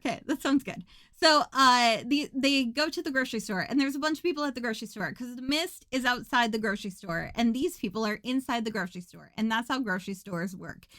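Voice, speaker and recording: A woman's voice: on the high side, fairly bright tone, no room sound. A woman co-hosting a podcast, recapping a film in a sarcastic, joking way and laughing often. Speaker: podcast co-host.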